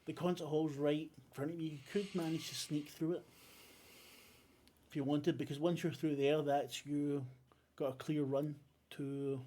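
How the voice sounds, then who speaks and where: A man's voice: on the high side, flat delivery, moderate pace, mellow. A man narrating a tabletop game as game master, rambling with many ums and self-corrections.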